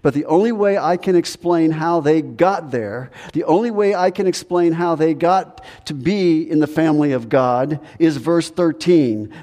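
A man preaches a sermon from the pulpit, hammering points home through repetition and drawn-out pauses. His voice is mellow and a little higher than most men's. The sound rings with the long reverb of a church sanctuary. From United States. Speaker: pastor.

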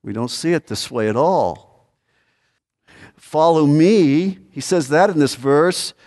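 A man's voice: medium pitch, animated, normal speed, darkish tone. A man preaching a sermon as a pastor, earnest and repetitive, rising to sudden emphatic peaks. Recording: long hall reverb.

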